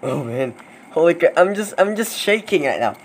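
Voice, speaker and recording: A young man calling out his own gameplay, his pitch jumping all over as he gets excited and nervous. He repeats himself constantly, and a faint hum of room noise sits under his voice. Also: normal speed. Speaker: gaming video creator. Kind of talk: live gameplay commentary.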